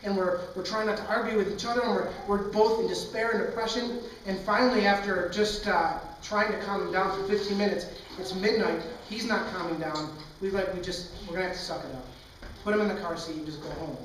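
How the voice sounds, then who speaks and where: A man's voice: sits high, steady tone, a little fast, fairly bright tone, a little hiss or hum. A young man, a pastor, preaching a sermon and telling a personal story in a candid, earnest, impassioned way. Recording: echoey hall, far from mic.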